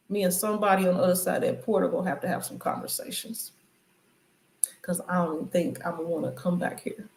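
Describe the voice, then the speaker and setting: A woman's voice: fairly low pitch, vocal fry, a little mellow. Woman preaching casually in an echoey room. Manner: loose, conversational, preachy riffs. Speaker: channel host. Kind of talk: casual spiritual commentary.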